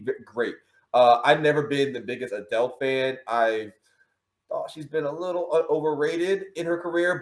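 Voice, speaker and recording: A man hosting a casual panel chat about music awards, playful and animated, often restarting his sentences. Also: mid-range voice. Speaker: show host. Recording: roomy echo.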